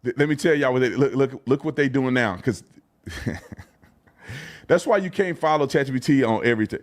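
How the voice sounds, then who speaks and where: A man's voice: mid-range voice, fairly quick, pauses often. A man talking casually on a stream, rambling and apologizing as he thinks aloud. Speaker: online commentator. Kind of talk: casual livestream talk.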